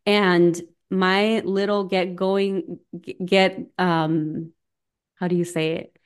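A woman's voice: lowish voice, flat delivery, takes it slowly, smooth. A young woman coaching and hosting a conversational webinar, chatty and personal, slipping in Spanish phrases, speaking into a computer mic on a video call. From United States, Mexican family. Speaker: coach and workshop host.

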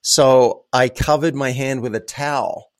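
A man's voice: medium pitch, steady tone, a little slow. A man speaking as a podcast guest, telling personal anecdotes in an emphatic, conversational way and repeating words to stress them. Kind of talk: casual interview storytelling.

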